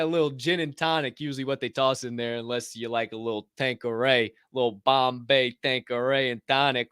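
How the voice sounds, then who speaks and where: A man's voice: medium pitch, a little fast, smooth, dry recording. Guy hosting a podcast, jokey and ranty, cusses a lot, super dry close sound. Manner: animated, joking, swears and rants. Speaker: podcast host. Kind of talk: energetic news rundown.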